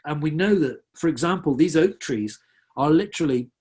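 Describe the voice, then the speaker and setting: Husky-voiced naturalist giving a talk. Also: male voice, a little high, animated, moderate pace, a little mellow. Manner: conversational, earnest, frequent restarts and fillers. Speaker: wildlife conservationist giving a talk. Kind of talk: illustrated public presentation.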